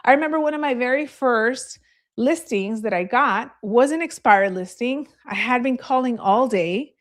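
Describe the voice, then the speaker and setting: A woman's voice: on the high side, normal speed. A woman real estate agent giving a live training, telling candid stories in a chatty way and laughing easily.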